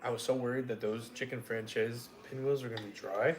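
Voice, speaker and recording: A man with a faint New York accent, telling an animated story during a casual livestream chat. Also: medium pitch, crowd noise, rough recording. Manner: animated storyteller, quick and emphatic.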